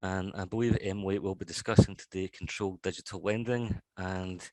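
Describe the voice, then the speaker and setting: A man chairing an online event, thanking a speaker and introducing the next, polite and a little halting. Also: deep voice, steady tone, darkish tone, no room sound.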